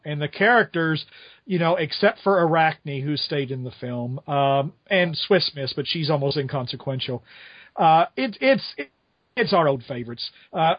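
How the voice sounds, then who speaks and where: A podcast host reviewing a musical chats casually about the stage show in a voice on the high side. The recording is muffled with no echo, and he rambles through his opinions with frequent restarts and asides.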